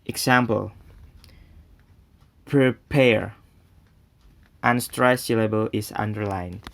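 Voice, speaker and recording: Gravelly, slow young male student. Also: mid-range voice. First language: Indonesian. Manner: steady, careful reading. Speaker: student presenter. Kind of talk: read-aloud class presentation.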